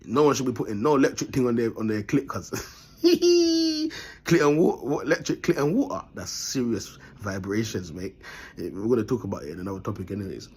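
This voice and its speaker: A man's voice: on the low side, fast talker, darkish tone, slightly rough. A man, vlogging in a blunt, rambling monologue full of street slang and frequent laughter. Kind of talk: casual monologue to camera.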